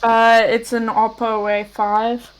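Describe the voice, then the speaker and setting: A woman's voice: fairly high pitch, completely flat delivery, slow, clear, resonant tone, low-quality recording. A woman co-host chatting bluntly and jokingly over an online call. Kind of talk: casual chat. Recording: robotic online call audio with faint noise.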